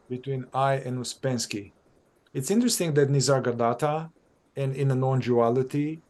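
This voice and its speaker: A man who works as a psychotherapist, talking through his methods in conversation, animated and thinking aloud, often repeating and restarting phrases. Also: mid-range voice. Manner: animated, acts out exchanges with clients. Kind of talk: conversational dialogue on spiritual practice.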